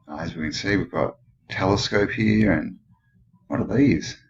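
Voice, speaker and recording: Deep-voiced Australian man musing aloud. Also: normal speed, vocal fry, highs cut off. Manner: rambling, musing, full of questions. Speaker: channel host. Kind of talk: casual commentary over old photos.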